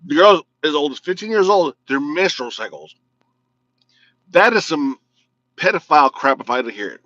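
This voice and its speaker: A man's voice: a little high, animated, normal speed, sharp tone, no room sound, lo-fi sound. Blunt mumbling man ranting on camera. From United States, Illinois. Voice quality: slightly slurred, mumbling speech. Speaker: vlog host. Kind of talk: casual political rant to camera.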